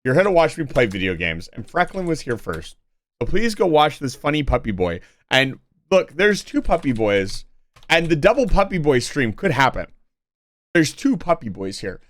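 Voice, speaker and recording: A man's voice: a little high, sing-song, moderate pace. A young man streaming live, talking casually to his chat and swinging between mock-angry joking and earnest reassurance.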